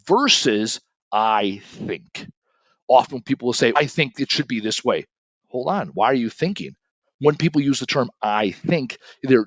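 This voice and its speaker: A middle-aged man giving a casual solo talk as an author, animated and self-correcting, acting out the people he quotes. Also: mid-range voice, dry recording. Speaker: author and speaker. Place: home studio, shooting remote.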